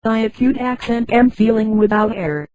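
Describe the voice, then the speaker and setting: A text-to-speech woman's voice reading the lines of an anxious young wife in a flat, unchanged voice. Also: a little high, normal speed, dry recording, natural voice, low-quality recording. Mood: plain. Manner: flat synthetic read, no change of voice.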